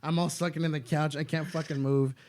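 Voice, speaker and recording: A man's voice: a little high, little pitch movement, fairly quick, a little mellow. A man in casual podcast chat, a stand-up comic telling stories with lots of swearing and laughter.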